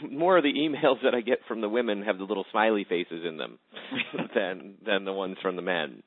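A man hosting a radio interview, talking with quick restarts. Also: fairly low pitch, lively intonation, no echo. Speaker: radio host. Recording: tinny phone-like radio sound, dry.

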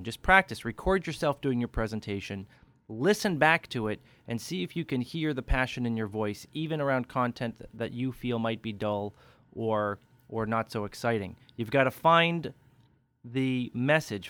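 A man's voice: medium pitch, fairly bright tone, dry recording. A man coaching public speaking in a podcast tip, talking energetically and pushing his inflection up and down for emphasis. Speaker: speech coach.

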